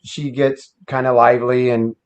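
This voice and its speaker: A man's voice: mid-range voice, little pitch movement, normal speed. A man telling a story about his past in a casual, plain-spoken, folksy way. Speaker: guest telling an encounter story. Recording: dull lo-fi sound.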